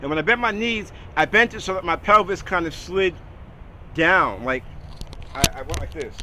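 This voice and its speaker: A man with a fairly high speaking voice coaches singing posture in an easygoing, step-by-step way, checking in with "all right?" as he goes. He is recorded outdoors, and steady traffic noise carries clearly behind him. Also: moderate pace. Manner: relaxed, talks through steps with "all right?" and "okay". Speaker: singing teacher. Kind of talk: casual vocal lesson with exercises.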